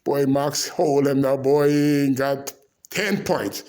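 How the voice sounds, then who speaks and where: A man telling animated, laugh-filled anecdotes to the camera in a casual way. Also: medium pitch, slow pace. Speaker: storyteller.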